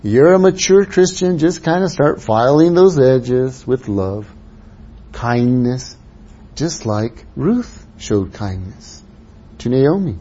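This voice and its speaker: A man preaching a sermon, dropping to soft low asides and rising to raised, urging exhortation. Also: animated, slow. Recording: dull lo-fi sound.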